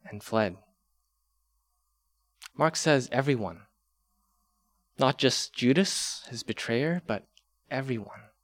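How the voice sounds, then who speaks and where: A man preaching a sermon, slow and emphatic, repeating key words for weight. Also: medium pitch. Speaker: pastor.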